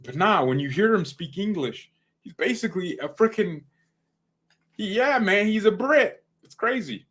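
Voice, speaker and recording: A man's voice: sits high, animated, moderate pace, a bit bright, husky. A young man hosting a fan channel, rambling casually and using slang as he reacts to football results. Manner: rambling, slangy, jumps between topics.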